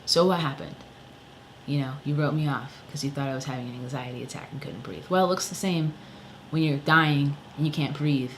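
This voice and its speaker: A man's voice: on the high side, a little fast, fairly bright tone, slight background noise, poor audio. A man, a songwriter, ranting angrily in a casual vlog, swearing often and filling with "you know" and "like". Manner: angry, profane, many fillers. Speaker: songwriter vlogger.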